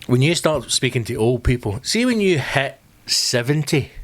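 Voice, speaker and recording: A man's voice: mid-range voice, sing-song, moderate pace. A Scottish man hosting a podcast, ranting in a sweary, rambling comic way. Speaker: podcast host. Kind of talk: comedic podcast rant.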